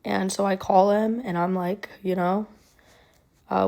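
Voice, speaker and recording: A woman's voice: mid-range voice, little pitch movement, unhurried, gravelly, pauses often, mellow. A young woman telling a personal story in a conversational way, with many ums and likes, her voice sounding emotional and near tears.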